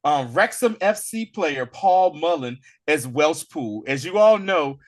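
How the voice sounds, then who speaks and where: A man co-hosting a podcast, talking casually about a movie and acting out scenes in loud bursts. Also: a little high, a little slow. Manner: animated, acts out lines in loud bursts. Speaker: podcast co-host.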